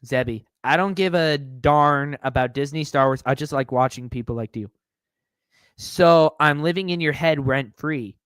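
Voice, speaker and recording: A man's voice: on the high side, moderate pace, fairly bright tone, smooth, no echo, studio quality. A man hosting a live stream, reading viewer comments aloud and answering them with sarcastic, mocking commentary.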